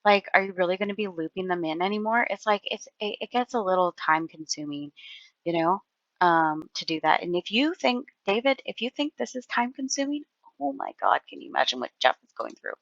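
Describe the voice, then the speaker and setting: A woman's voice: mid-range voice, animated, a little fast, fairly bright tone, no room sound, highs cut off. A woman giving casual reaction commentary, rambling and exasperated, with lots of filler words. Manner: rambling, exasperated, heavy use of "like".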